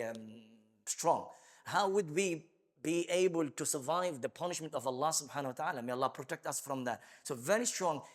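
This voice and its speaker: A man gives a tafsir lesson in a mosque, explaining step by step, reciting verses quickly and repeating words as he searches for phrasing. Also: on the high side. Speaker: Quran teacher.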